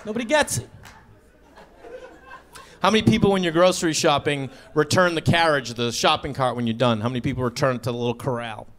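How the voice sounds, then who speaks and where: A man doing a stand-up comedy set on stage, acting out the people in his stories with sudden high, squeaky voices. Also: fairly quick, fairly bright tone, a faint crowd. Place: theater stage before a live audience.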